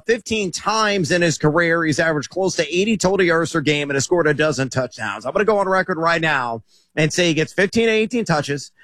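A man who analyzes fantasy football, talking on a sports radio show in an animated, wisecracking way. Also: a little high, no room sound. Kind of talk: casual sports talk.

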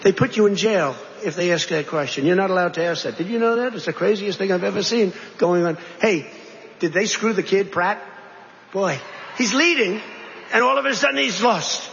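A man delivers a loose, digressive speech in a high-pitched voice, circling back to repeat himself and tossing rhetorical questions at the room. The sound is muffled and lo-fi, with a long reverb tail from a large hall and a faint hiss underneath. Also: moderate pace, gravelly, a bit bright. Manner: digressive, repetitive, conversational asides and rhetorical questions. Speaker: politician addressing a crowd. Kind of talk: rambling campaign-style speech. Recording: dull, reverberant hall recording with faint noise.

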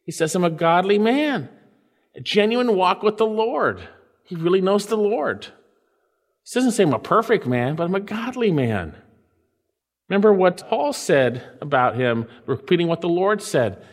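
A pastor preaching a sermon, swinging between loud and soft and slowing down to stretch out quoted scripture. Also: male voice, sits high, very animated, long reverb tail.

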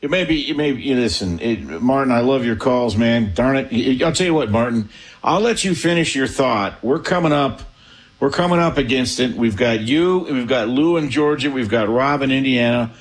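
A male sports talk radio host taking calls, sociable and easygoing. His voice sits at an ordinary mid pitch, and he stutters over his openings as he jumps in. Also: lively intonation, moderate pace. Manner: affable, chatty, repeats words when starting.

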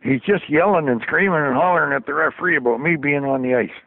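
A man's voice: a little high, fast talker, vocal fry, dry recording. An older man, a former hockey trainer, telling stories and chuckling often as an interview guest. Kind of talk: anecdotal storytelling. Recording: tinny dry phone line.

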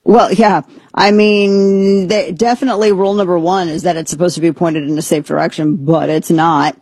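A woman's voice: on the low side, fairly even intonation, normal speed, a little mellow, slightly rough, no room sound. A woman hosting a talk radio show, commenting casually with an incredulous, joking manner and many restarts.

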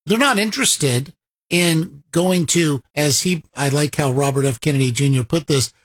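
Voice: mid-range voice, moderate pace, breathy edge. A political commentator reacting to a played clip, firing off rhetorical questions and sarcastically quoting opponents.

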